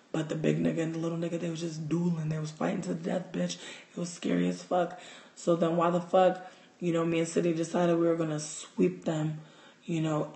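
Profane, animated man telling a story. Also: on the high side, creaky. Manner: animated, profane, gets loud and excited in the telling. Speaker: livestream host. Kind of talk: casual storytelling. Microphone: phone. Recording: roomy echo.

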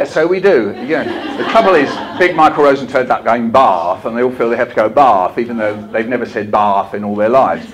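With a voice on the low side and a bit bright, this man from England addresses teachers at a conference hall. He's a children's poet running a lively storytelling masterclass, using playful put-on voices and leading the audience in a call-and-response poem. There's slight background noise.

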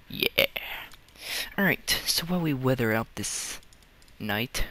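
A man's voice: medium pitch, sing-song, a little slow, pushed and bright, slight background noise. A young man giving playful let's play commentary, talking to himself with sing-song noises. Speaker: gamer.

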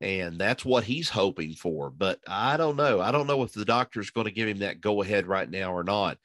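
A man's voice: lowish voice, lively intonation, normal speed, fairly bright tone, dry recording. A man giving casual, rambling racing analysis, full of fillers and restarts as he thinks aloud. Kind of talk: casual podcast chat.

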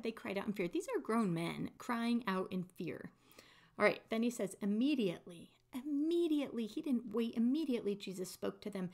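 A woman's voice: medium pitch, lively intonation, moderate pace, a little mellow. A woman leading a casual online Bible study, reading scripture and explaining it in a conversational, enthusiastic way, acting out the quotes.

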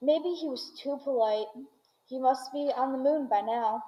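A woman reading aloud voices an excitable, eccentric male candy maker who talks in bursts of boastful exclamation. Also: sits high, unhurried, highs cut off. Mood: gleeful.

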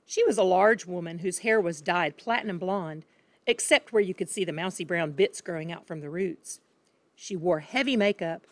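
A woman's voice: medium pitch, no echo. Woman reading a storybook aloud. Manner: calm, expressive reading. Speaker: reader. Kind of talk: storybook narration.

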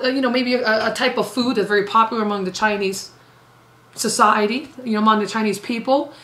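A woman's voice: fairly high pitch, fairly bright tone. A woman evangelist preaching a sermon emphatically, repeating phrases for stress. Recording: roomy echo.

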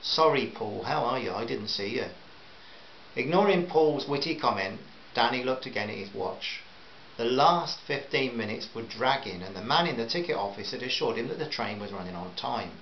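Guy reading a novel out loud, steady, some slips, echoey room, faint hiss. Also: medium pitch. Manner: measured, with occasional stumbles. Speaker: audiobook narrator. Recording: roomy, slightly dull, faint hiss.

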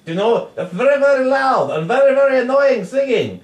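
A man's voice: very high-pitched, expressive, normal speed. A man putting on the voice of a cheeky male weasel, mock-singing carols and bickering with friends. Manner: mock singing, breaks into laughter. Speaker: puppeteer voicing a weasel. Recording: roomy echo.

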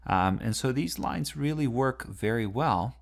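A man's voice: medium pitch, animated, measured pace, gravelly. A man teaching literature, explaining a poem line by line and asking the listener rhetorical questions.

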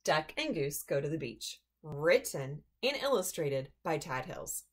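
A woman reading a children's picture book aloud in an expressive, storytelling manner. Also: deep voice, a little slow, husky.

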